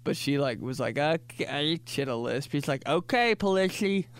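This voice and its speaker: A man's voice: mid-range voice, normal speed, clear, resonant tone. A man in his late twenties riffing casually in a comedic monologue, rambling with lots of filler words and restarts. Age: late 20s. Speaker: podcast host.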